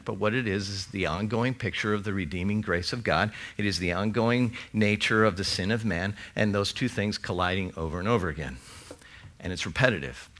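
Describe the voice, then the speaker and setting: A man preaching a sermon as pastor, reading scripture aloud and adding quick conversational asides to the congregation. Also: fairly low pitch, a bit bright.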